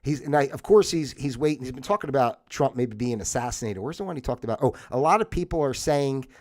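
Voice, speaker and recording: A man's voice: mid-range voice, animated, quick pace, a little mellow. A man hosting a casual solo livestream, rambling and sarcastic and laughing at his own jokes. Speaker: livestream host.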